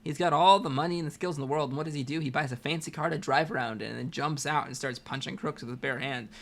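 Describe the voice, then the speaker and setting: A man's voice: fairly high pitch, fast talker, gravelly, a bit bright. Man reading as a cocky troll girl ranting. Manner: boastful rambling rant.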